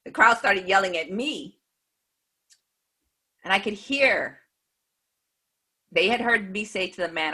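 A woman earnestly recounting a personal faith testimony in a measured way. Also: mid-range voice, expressive, sharp tone, breathy edge. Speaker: speaker giving a faith testimony.

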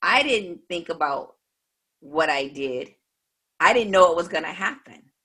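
A woman earnestly recounting a personal faith testimony in a measured way. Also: fairly low pitch, lively intonation, fairly bright tone, breathy edge. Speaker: speaker giving a faith testimony.

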